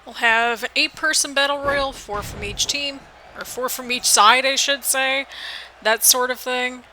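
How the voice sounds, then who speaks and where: A woman's voice: sits high, steady tone, unhurried, pushed and bright, a little hiss or hum, poor audio. An American woman with a mixed northern, midwestern and southern accent, giving chatty, rambling play-by-play commentary over a video game. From United States. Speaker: gaming channel host.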